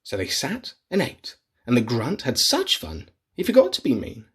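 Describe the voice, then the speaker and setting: Husky, animated children's storyteller. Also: male voice, medium pitch, normal speed. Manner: animated, playful, drops to whispers for gross bits. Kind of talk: reading a picture book aloud to kids. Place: office.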